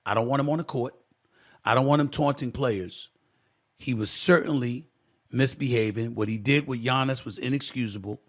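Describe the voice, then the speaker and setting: At a moderate pace and in a mid-range voice, a man running his own sports talk show gives a fervent commentary monologue, using repeated phrases for emphasis and addressing everyone as "y'all."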